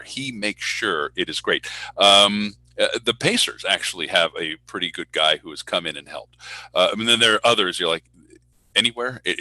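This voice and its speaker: A man's voice: sits low, dry recording, rough recording. A man who works as a public address announcer, telling stories in a casual online Q&A and acting out the voices in his anecdotes. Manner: animated storyteller who acts out voices in anecdotes. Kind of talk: casual talk in an online speaker Q&A. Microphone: video call.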